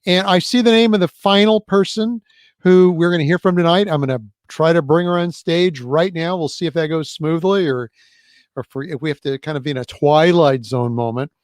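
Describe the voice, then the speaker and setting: A man hosting an event, talking in a rambling and halting way as he introduces the final reader. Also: fairly high pitch, dry recording. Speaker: event host.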